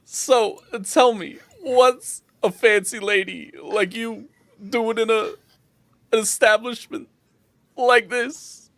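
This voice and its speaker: A woman doing a gushing high-voiced bartender man. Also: steady tone, slow, vocal fry, a bit bright, dry recording, full character voice. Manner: gushing, astonished, high-pitched. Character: excitable male tavern bartender.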